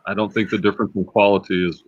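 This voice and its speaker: This livestream host and reseller talks fast in a lowish voice with little pitch movement. Chatty and thinking out loud, he keeps repeating words, captured in slightly dull lo-fi audio.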